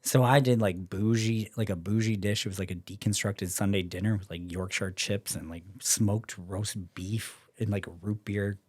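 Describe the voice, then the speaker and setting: A man's voice: lowish voice, steady tone, normal speed, few pauses, a little mellow, no echo. A young Canadian man, a podcast guest, telling a story in casual chat, acting out quoted voices and swearing freely.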